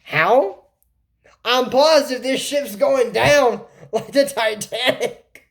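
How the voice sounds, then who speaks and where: A woman's voice: fairly high pitch, slow pace, vocal fry. A woman giving a casual reaction commentary on a cartoon episode, rambling and sarcastic, with mocking asides.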